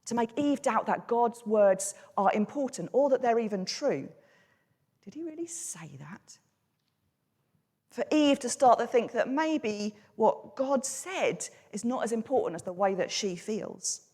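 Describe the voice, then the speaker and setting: A woman's voice: on the high side, measured pace, few pauses, big-room sound. A woman with a British accent giving a reflective sermon, asking many questions as she talks. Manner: questioning, reflective, lively delivery. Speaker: church speaker.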